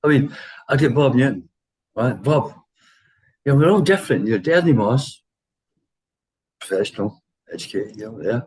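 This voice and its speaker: A man's voice: mid-range voice, expressive, normal speed, long pauses, a little mellow, rough recording. A man in his sixties with an English accent, a former footballer telling dressing-room stories in a casual interview, full of laughs and quoted voices.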